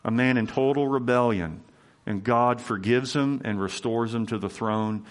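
A man's voice: medium pitch, normal speed. Earnest man preaching with emphatic repetition. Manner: earnest and emphatic, repeating key phrases. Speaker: pastor. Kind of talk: sermon ending in prayer.

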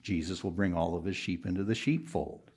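A man preaching an expository sermon to a congregation in a room, earnest and pressing, jumping up for emphasis and dropping low and quiet at the ends of verses. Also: fairly quick, breathy edge. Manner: earnest, pressing, rises sharply for emphasis then drops low. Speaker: pastor.

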